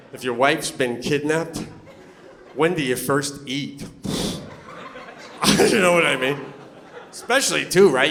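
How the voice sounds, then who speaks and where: A man doing a stand-up comedy set on stage, animated and loud when he acts out quotes. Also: on the high side. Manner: animated, swings into loud put-on voices for quotes. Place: on stage before a laughing audience.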